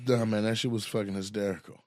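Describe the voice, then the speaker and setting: A man's voice: lowish voice, quick pace, no echo, studio quality. A man hosting a casual podcast chat, a comedian who tells stories animatedly, swears freely and laughs a lot. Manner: animated storyteller, profane and laughing. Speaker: podcast host.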